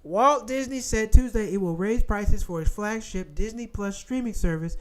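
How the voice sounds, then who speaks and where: A high-pitched man rants his way through the news. His delivery is animated and profane, and he keeps circling back to repeat his points. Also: normal speed. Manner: animated, profane, repetitive rant. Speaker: commentary channel host. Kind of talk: ranting commentary, reading headlines.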